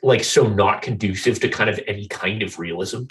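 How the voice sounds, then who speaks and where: A man's voice: fairly low pitch, moderate pace, a bit bright, recorded from a distance. A man co-hosting a podcast, chatting casually about games in a laid-back way, laughing easily and swearing offhandedly. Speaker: podcast co-host. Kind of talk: casual gaming chat.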